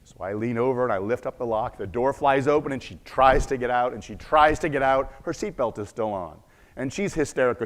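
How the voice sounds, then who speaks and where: Brief: male keynote speaker, dramatic storyteller, medium pitch, long hall reverb. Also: animated, a little fast. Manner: dramatic storyteller, shifting between loud and hushed. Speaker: conference speaker. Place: conference stage. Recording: echoey conference hall.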